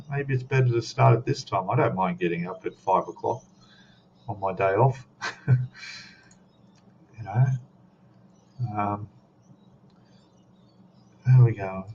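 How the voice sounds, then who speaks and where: A man with an Australian accent and a lowish, darkish voice hosts a casual live stream. Easygoing and rambling, he reads chat messages aloud as he goes, over dull lo-fi audio with faint noise.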